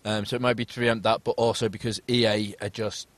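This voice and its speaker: A man's voice: lowish voice, flat delivery, a little fast, no echo. A man co-hosting a podcast, making dry, wry remarks. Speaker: podcast co-host. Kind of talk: casual chat.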